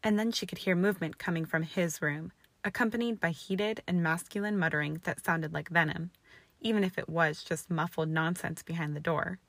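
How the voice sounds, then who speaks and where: A woman narrating a fan fiction story aloud in a steady, expressive way. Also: on the low side, moderate pace, gravelly, no room sound.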